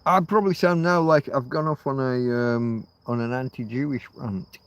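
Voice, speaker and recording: A man's voice: mid-range voice, steady tone, normal speed, clean tone. A middle-aged man hosting a casual livestream outdoors at night. He rambles, muses aloud and swears offhandedly. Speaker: livestream host.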